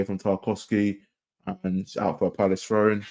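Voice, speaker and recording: Young fan for a watchalong, low mellow voice, casual slangy play-by-play, shouts at players. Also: male voice, little pitch movement, normal speed. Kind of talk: live match watchalong commentary.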